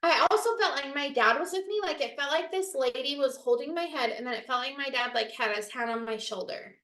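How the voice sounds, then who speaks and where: Young woman podcast co-host, high voice, rambling filler-heavy storytelling, roomy echo. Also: brisk, a bit bright. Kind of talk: casual chat.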